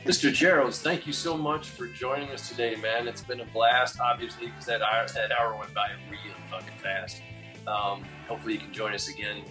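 A man's voice: mid-range voice, fairly even intonation, a little fast, over music. A man co-hosting a podcast, joking and swearing freely in casual chat. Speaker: podcast co-host.

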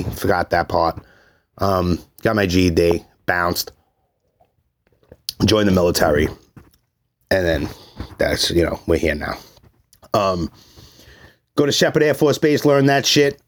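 A man, telling his life story in blunt, profane, rambling casual talk. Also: lowish voice. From Brooklyn, New York.

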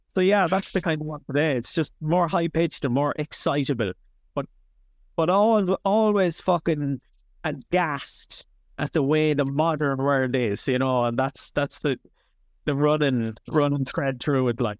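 An Irish man in his thirties, a comedian chatting as an interview guest in a rambling, animated way that swears freely. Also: on the high side, normal speed, dry recording, clean studio sound. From Ireland. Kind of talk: casual interview chat.

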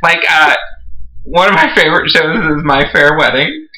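A man's voice: fairly high pitch, big pitch swings, normal speed, sharp tone. A man chatting casually, telling rambling, gushing stories full of "like". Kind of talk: casual chat, storytelling. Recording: echoey room.

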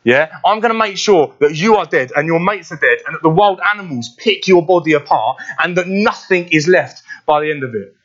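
A defiant young shepherd hurls taunts at a giant in a fairly high, emphatic voice, as a preacher acts him out. The scene is told as a spoken sermon story. The sound is dull and lo-fi. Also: male voice, lively intonation, fairly quick, a bit bright.

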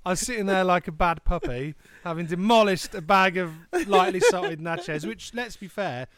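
A man's voice: high voice, very animated, moderate pace, a bit bright, dry recording, clean studio sound. Rambling man on a video call. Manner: rambling, self-mocking storyteller who laughs often. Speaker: co-host. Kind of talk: casual comedic chat.

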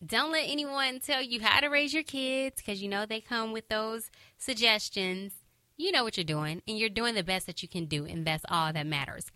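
Bright-voiced woman podcast host, encouraging. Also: on the high side, moderate pace, smooth, no echo. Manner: warm, encouraging, emphatic repetition. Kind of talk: casual heartfelt podcast talk.

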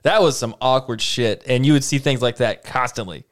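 A man casually chatting and reacting to online videos with a co-host, blunt and quick to swear. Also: mid-range voice.

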